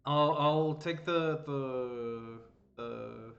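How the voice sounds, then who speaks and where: A man playing in a tabletop game, talking casually and haltingly, repeating words as he plans. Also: medium pitch, creaky. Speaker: player. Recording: dull lo-fi mic.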